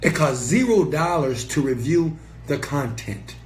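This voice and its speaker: A man's voice: on the high side, expressive, measured pace, a little mellow, faint music behind. A man giving a passionate, preachy motivational talk to camera as an entrepreneur and mentor, emphatic and sometimes swearing. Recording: echoey room with faint ambient noise.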